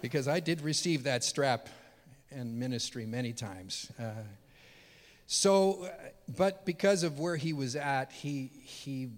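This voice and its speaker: A male pastor earnestly tells a heartfelt story from the pulpit in sermon style, speaking a little slowly at an ordinary middle pitch. When moved, he drops to a hush and then rises loud and high at the emotional peaks, and a long hall reverb trails every phrase.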